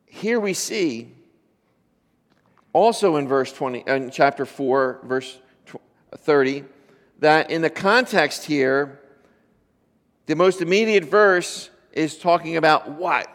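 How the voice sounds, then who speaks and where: A man's voice: a little high, a bit bright. A man in his fifties preaching a sermon in a church, conversational and joking, firing rhetorical questions at the congregation. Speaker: pastor. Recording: long reverb of a church hall.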